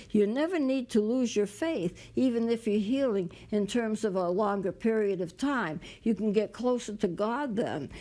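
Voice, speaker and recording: A woman preaching a sermon in a gentle, plain-spoken way, with many pauses, fillers and restarts. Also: medium pitch.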